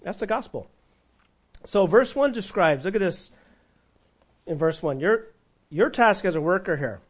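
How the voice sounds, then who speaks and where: A male pastor preaching a sermon, asking the congregation questions and swinging between loud and quiet. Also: high-pitched, expressive, measured pace. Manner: preaching with audience call-and-response, dramatic volume swings.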